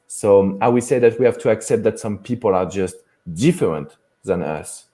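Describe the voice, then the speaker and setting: A man's voice: on the low side, animated, moderate pace, dark tone. A man with a French accent, a dating coach talking earnestly in a live chat, often restarting his phrases. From France.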